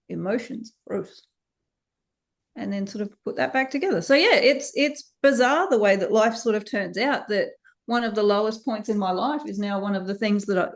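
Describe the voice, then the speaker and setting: A woman in her thirties with an Australian accent, a company founder giving a candid interview, animated and laughing often as she acts out the voices of others. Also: a little high.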